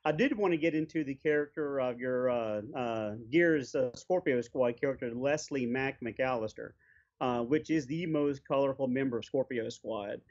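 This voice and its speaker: A male podcast host guides the interview, linking topics and telling how a gaming session went. His voice sits at a mid pitch, and the audio is dull and lo-fi, like an online call. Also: normal speed, darkish tone. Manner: steering questions, recounting a gaming session. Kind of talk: interview hosting.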